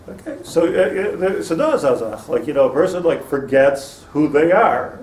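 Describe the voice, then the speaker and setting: A man's voice: on the high side, big pitch swings, moderate pace, hardly any pauses, darkish tone. A man, a rabbi, giving an informal Torah lecture to a class, digressing, restarting sentences and laughing at his own jokes. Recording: roomy, distant mic with faint noise.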